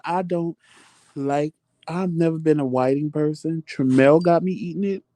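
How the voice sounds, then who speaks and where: A man's voice: on the high side, no room sound. Brief chatty profane man hosting a live chat. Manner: animated, profane, laughing storyteller. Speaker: livestream chat host. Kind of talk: casual live chat answering viewer comments.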